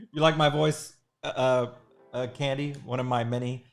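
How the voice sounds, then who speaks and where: A man hosting a live sketch stream, joking around and mocking himself in casual banter. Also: mid-range voice. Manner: joking, self-mocking, playful. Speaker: livestream host sketching live.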